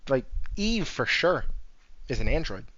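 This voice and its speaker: A man's voice: mid-range voice, sing-song, unhurried, a bit bright, no echo. A man hosting a casual gaming livestream. He rambles, chuckles often and reads chat aloud. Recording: slightly dull, dry sound.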